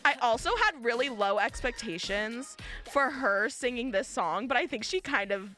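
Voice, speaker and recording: A woman's voice: a little high, normal speed, pushed and bright, faint music behind. A young woman co-hosting a podcast in casual chat, gushing and laughing often. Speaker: podcast co-host.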